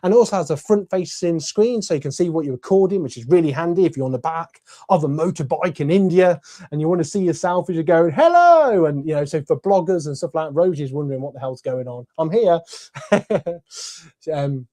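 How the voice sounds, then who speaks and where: A man's voice: fairly high pitch, brisk, warm tone. A man giving a casual, enthusiastic camera review from his bedroom, chatty and full of fillers, his voice a little tired. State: voice tiring from talking. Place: bedroom at home.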